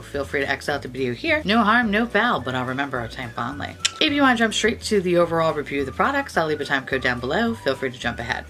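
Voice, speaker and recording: Foul-mouthed, rambling woman vlogger. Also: low voice. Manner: profane, rambling, animated. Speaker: beauty vlogger. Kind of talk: casual storytelling vlog.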